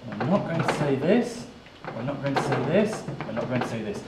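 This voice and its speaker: A man teaching pronunciation, spelling out letters and repeating words slowly as a classroom drill. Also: medium pitch, sing-song, very noisy. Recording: roomy echo, voice from a distance.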